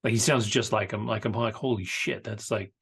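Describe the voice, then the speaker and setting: Halting, laid-back man on a podcast. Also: on the low side, little pitch movement, vocal fry, a bit bright, breathy edge. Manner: halting, lots of fillers and restarts, laid-back. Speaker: podcast co-host. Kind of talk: casual pop-culture chat.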